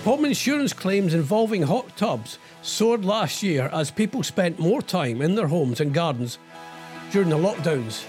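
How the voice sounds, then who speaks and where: His pitch is high and sing-song, the pace measured and the tone a little mellow, with faint music behind him. He's a middle-aged radio host casually reading out news, rambling with sarcastic political asides and tag questions.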